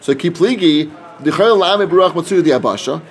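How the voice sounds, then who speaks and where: Fast sing-song Talmud study leader. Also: male voice, on the high side, animated. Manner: quick sing-song chanting mixed with plain explanation. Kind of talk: casual Talmud study session.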